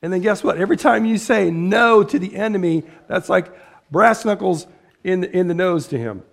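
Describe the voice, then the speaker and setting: A man's voice: sits high, moderate pace, vocal fry. A man preaching a casual, blunt sermon as pastor, talking like a conversation, repeating words and acting out the people he quotes.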